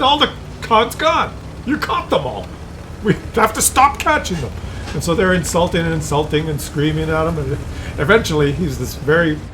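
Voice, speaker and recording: A man's voice: fairly high pitch, a bit bright, a little hiss or hum, poor audio. A man from Canada rambling and chuckling through a story while commenting on a game replay. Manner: rambling, chuckling, mock voices for others. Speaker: gameplay commentator. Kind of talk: casual storytelling over gameplay.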